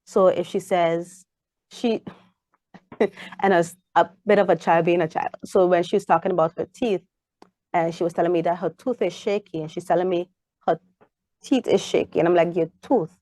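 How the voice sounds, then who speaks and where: A young woman with a Caribbean English accent speaks as a guest in a relaxed interview. Her voice sits low and sounds dry and close, and she brings her anecdotes to life by acting out the voices in them. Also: moderate pace, dry recording. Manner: animated storyteller, acts out her child's voice. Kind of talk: casual interview chat.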